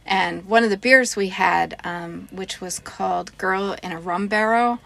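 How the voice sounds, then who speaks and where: A woman with a mid-pitched voice chats casually with her co-host. She lists details in an easy, matter-of-fact way. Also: a little slow, creaky, fairly bright tone. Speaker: co-host reviewing breweries. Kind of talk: casual chat.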